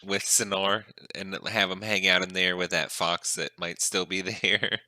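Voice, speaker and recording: Easygoing guy playing a tabletop game, lowish voice but really bright, dry sound. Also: level tone, unhurried, no room sound. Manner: easygoing, asks questions. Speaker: player. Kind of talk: casual game chat.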